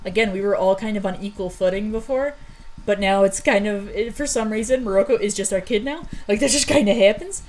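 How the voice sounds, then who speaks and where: A woman casually recapping old stories, rambling with lots of fillers and quick laughs. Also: medium pitch, darkish tone, rough recording. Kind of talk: casual chat.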